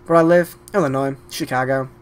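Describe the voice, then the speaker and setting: A man's voice: medium pitch, steady tone, fairly quick, smooth. A man hosting casual video chats with strangers, talking in a brash, crude, mock-rude trolling way. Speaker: video chat prankster host.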